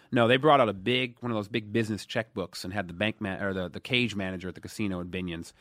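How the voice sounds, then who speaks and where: A man in his thirties from Dallas, telling stories in a casual interview, animated, swinging between loud emphasis and quiet asides. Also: on the low side, dry recording, clean studio sound. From Dallas, USA. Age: 30s. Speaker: guest.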